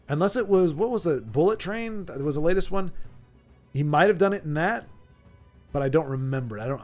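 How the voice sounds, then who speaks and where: A man hosts a relaxed livestream and rambles in casual chat, often breaking off mid-word to restart or to react to what viewers type. His voice sits a little high for a man. Faint music plays underneath. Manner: rambling, self-interrupting, reads chat aloud. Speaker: streamer host.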